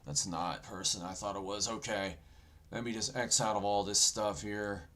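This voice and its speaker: A man hosting an end-times prophecy channel, talking loudly and excitedly while browsing news, with a sore throat and a habit of saying "folks". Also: fairly low pitch, normal speed. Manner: loud and excited, often yelling, says "folks" constantly.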